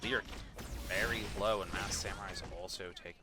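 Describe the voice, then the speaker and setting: Deep-voiced male esports caster. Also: steady tone, noisy background. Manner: brisk, matter-of-fact calls. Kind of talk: play-by-play commentary. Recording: loud game gunfire behind.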